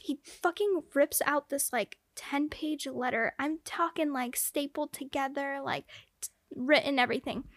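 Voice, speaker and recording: A young woman telling a long personal story in casual chat, animated, saying "like" a lot and swearing freely. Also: high voice, measured pace, no echo, studio quality.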